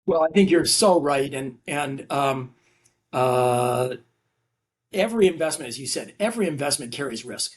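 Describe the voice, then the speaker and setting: A man's voice: mid-range voice, animated, moderate pace, husky. A man speaking as a business executive guest on a podcast, talking earnestly with frequent fillers and restarts. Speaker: CEO of a family office, podcast guest. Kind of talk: conversational interview.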